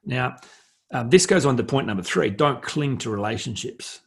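A man's voice: medium pitch, animated, moderate pace, gravelly, breathy edge. A man hosting a solo self-help podcast, talking earnestly and reflectively, repeating key phrases for emphasis. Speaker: podcast host.

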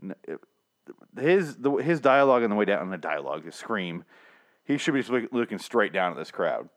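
A man's voice: fairly low pitch, big pitch swings, fairly quick. A man co-hosting a casual movie-review podcast, swearing freely, rambling and laughing often. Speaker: podcast co-host.

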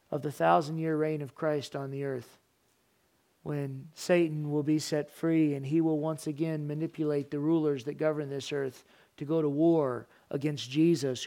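Middle-aged male pastor, sermon, fairly high pitch, animated delivery. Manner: animated preaching, acts out parents and children in raised voices.

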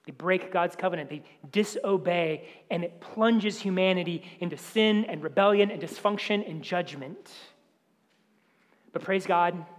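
High-voiced male pastor, hall reverb. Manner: emphatic, drops to hushed near-whispers for stress. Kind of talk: sermon.

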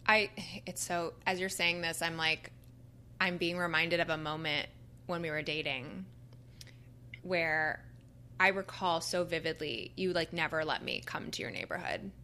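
A young woman speaks with earnest intensity, stumbling over restarts and fillers. Her voice sits fairly low yet has a bright, forceful edge. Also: a little hiss or hum. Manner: earnest, animated, halting with many likes. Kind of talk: casual conversation.

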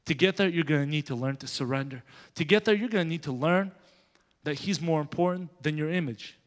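Animated preacher man in a reverberant hall. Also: on the high side, brisk. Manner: animated, grows loud when telling of anger. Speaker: pastor. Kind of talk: sermon with personal story. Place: church sanctuary.

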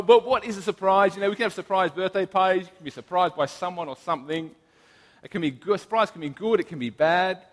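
Chatty preacher in a reverberant hall. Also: male voice, fairly high pitch. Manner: chatty and animated, frequent fillers and restarts. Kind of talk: casual sermon with storytelling.

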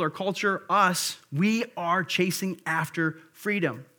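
A man preaching in a fairly high, conversational voice. He retells scripture in everyday words and works through his points with stops and restarts before pressing them home with emphasis. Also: fairly bright tone. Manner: frequent restarts and fillers, then builds to emphatic points. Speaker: pastor. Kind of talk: sermon.

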